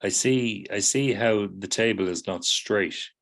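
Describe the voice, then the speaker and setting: A middle-aged man with a fairly low, slightly bright voice lectures psychotherapy students at a measured pace. He explains patiently, often checks in with "do you see?", and acts out students' replies in quoted voices.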